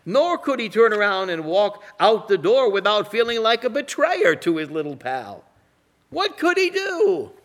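A man preaching a sermon and telling illustrative stories, in a slow, dramatic delivery that drops to a hush for emphasis. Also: sits high, big pitch swings.

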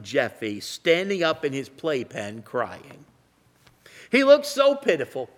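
A man preaching with an unusually high voice that swoops up and down. He talks slowly and dramatically, sinking to a near hush to stress a point. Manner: slow, dramatic delivery, drops to a hush for emphasis. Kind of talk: sermon with illustrative stories.

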